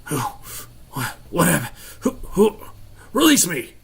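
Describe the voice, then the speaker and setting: A man voicing a proud, gruff male soldier in his forties with a gruff northern accent, haughty and demanding. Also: on the high side, wildly swooping pitch, unhurried, a bit bright, slight background noise, pitched above the performer's own voice, heavily acted. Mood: indignant.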